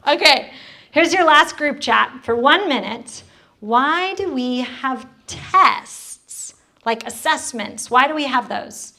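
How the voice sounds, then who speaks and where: A woman's voice: high voice, expressive, slow, sharp tone. A woman speaking to a church women's group, telling a personal story in a conversational way and putting questions to the audience. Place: church hall.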